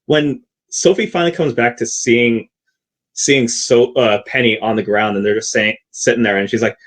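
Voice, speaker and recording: A man's voice: medium pitch, steady tone, moderate pace. A man who is a guest on a movie podcast, rambling casually with lots of "like" and laughing easily. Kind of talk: casual chat.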